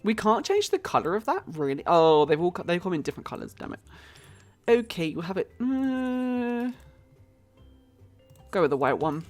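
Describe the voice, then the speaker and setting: Low-voiced British woman streaming a game. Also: sing-song, moderate pace, pauses often, darkish tone, faint music behind. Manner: chatty, thinks aloud, greets chat viewers. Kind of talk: casual gameplay commentary.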